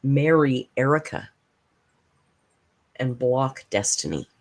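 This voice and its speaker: A woman's voice: rumbling low, expressive, slow pace. A woman hosting a reaction channel, giving blunt, sarcastic casual commentary and swearing freely.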